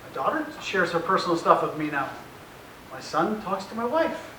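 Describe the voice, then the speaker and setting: Speaking to an audience of parents in a meeting room, this middle-aged man acts out family conversations and chuckles often through his informal, story-driven presentation. His voice sits high, very animated and sharp, at a normal speed. The far-off mic picks up echo from the roomy space and a faint hiss.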